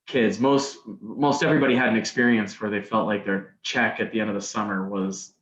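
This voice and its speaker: A man's voice: lowish voice, fairly even intonation, a little fast, fairly bright tone, slight background noise. A man guest on a podcast, telling a story casually, rambling, with many restarts and "like"s. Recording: roomy, dull sound.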